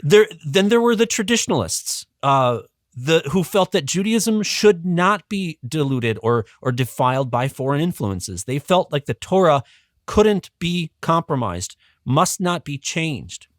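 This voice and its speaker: A man's voice: on the high side, sing-song, measured pace, no room sound. Man explaining history casually, dry sound. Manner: conversational, many ums and restarts. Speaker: guest educator.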